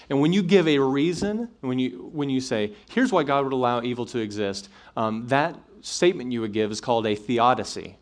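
A man's voice: medium pitch, normal speed, few pauses. A man giving a conversational talk to college students, with many fillers and restarts, checking in with his listeners. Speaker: speaker addressing college students. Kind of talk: apologetics talk to a live audience.

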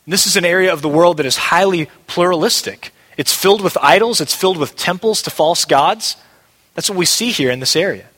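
A man's voice: high-pitched, pushed and bright. Emphatic male pastor in a reverberant hall. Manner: emphatic, repeats key phrases. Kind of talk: sermon.

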